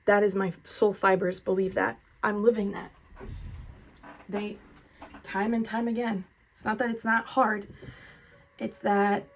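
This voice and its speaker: A woman talks through a tarot reading in a relaxed, chatty way. She is earnest and effusive, with a spiritual warmth to how she frames things for her audience. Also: mid-range voice. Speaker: tarot reader. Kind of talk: casual spoken tarot reading.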